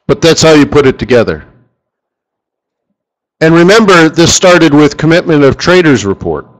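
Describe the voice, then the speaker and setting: A slightly high-voiced man leads a live trading seminar for a room of listeners. He jokes easily and keeps throwing rhetorical questions at the crowd in an animated, conversational way. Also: normal speed, poor audio. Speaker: forex market strategist hosting a session.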